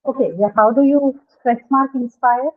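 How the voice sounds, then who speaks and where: Teacher on a tinny call. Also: female voice, high-pitched, fairly even intonation, normal speed. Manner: explains step by step, asks students questions. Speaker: English phonetics teacher. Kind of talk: online class lecture. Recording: tinny phone-like call audio.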